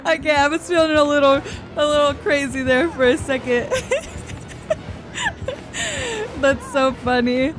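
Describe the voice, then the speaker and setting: A woman's voice: sits high, little pitch movement, normal speed. A young adult woman streaming a game, chatting casually, answering her chat and laughing often. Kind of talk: casual live-stream chat while gaming. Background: soft background music.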